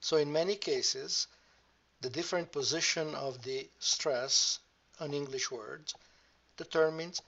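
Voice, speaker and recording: A man teaching a grammar lesson, speaking deliberately and modelling each example word aloud. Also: on the high side, gravelly, a bit bright, muffled recording. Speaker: language teacher.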